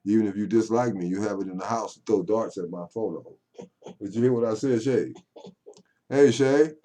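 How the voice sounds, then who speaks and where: A man's voice: lowish voice, brisk, warm tone. An older man talking at home to camera in a rambling, folksy monologue that swings into call-and-response preaching. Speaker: poet vlogger.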